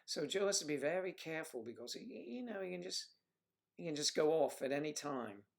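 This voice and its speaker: A man hosting a casual livestream, rambling through stories and viewer messages and trailing off into low mutters as he clicks around. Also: expressive, a little fast, vocal fry. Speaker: livestream host.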